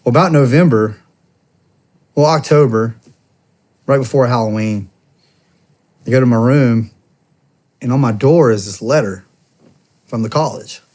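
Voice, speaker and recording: A man's voice: medium pitch, unhurried, long pauses. A man in his thirties, a podcast guest, telling a loose, slangy story with laughs, acting out the dialogue. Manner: animated, acts out dialogue in quoted voices. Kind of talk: casual storytelling.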